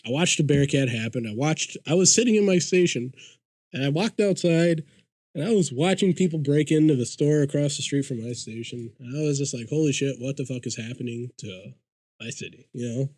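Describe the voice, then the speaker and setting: A man's voice: fairly high pitch, a little fast, dry recording. A man telling a story in casual podcast chat, swearing freely and acting out what people said. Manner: profane, animated storyteller acting out quotes. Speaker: podcast guest.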